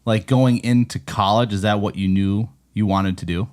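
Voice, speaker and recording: A man's voice: fairly low pitch, fairly even intonation, moderate pace, clear, resonant tone. A man hosting a podcast, asking casual, conversational interview questions. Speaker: podcast host.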